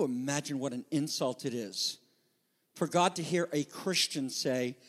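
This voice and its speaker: A man preaching a sermon with passion, moving between loud emphatic peaks and hushed, intimate asides. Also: medium pitch, measured pace, long reverb tail. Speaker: pastor.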